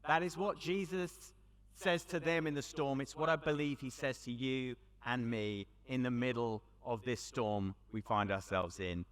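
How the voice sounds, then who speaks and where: A man with a British accent giving a storytelling talk to a young audience at an event, conversational with dramatic pauses. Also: mid-range voice, expressive, fairly bright tone. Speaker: youth event speaker. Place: large hall with audience. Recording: long hall reverb.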